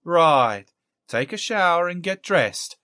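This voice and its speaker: Brief: male narrator voicing a scheming young woman, raised pitch, sly and menacing, audiobook. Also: sing-song, takes it slowly, sharp tone, no echo, studio quality, full character voice. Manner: sly and threatening.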